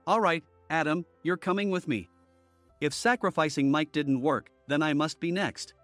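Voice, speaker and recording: A man voicing a male office supervisor who gives brisk orders. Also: on the high side, fairly bright tone, no echo, soft background music, close to an everyday voice. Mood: resigned.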